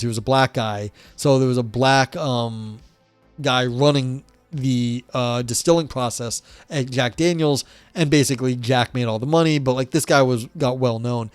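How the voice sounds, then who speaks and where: A man's voice: mid-range voice, moderate pace, clean tone, no echo. A man from New York talks in a loose, rambling livestream chat, swearing and restarting his sentences often. He sits close to a dry mic, and faint music plays behind him. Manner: rambling, profane, many fillers and restarts. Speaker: livestream host reading a book. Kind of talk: casual livestream chat and reading aloud.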